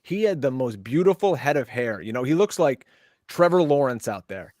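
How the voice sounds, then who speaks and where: Man, podcast host, mid-pitched, upbeat, chatty, dry close recording. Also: animated, normal speed, darkish tone, no room sound. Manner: upbeat, chatty, promo-style plugs. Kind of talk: lively show hosting, casual banter.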